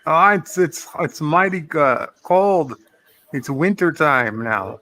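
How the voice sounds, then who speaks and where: A man's voice: on the high side, expressive, slow pace, pushed and bright, heavily acted. A man putting on a drawling Australian bloke. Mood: joking. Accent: put-on Australian. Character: jokey Australian bloke, adult man, playful. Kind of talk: casual livestream banter.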